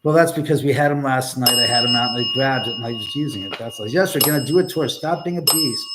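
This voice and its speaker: An older man hosting a casual livestream from his house. He rambles while reading chat, swears often and breaks into sudden loud outbursts. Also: medium pitch, quick pace, hardly any pauses. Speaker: livestream host. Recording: loud background noise.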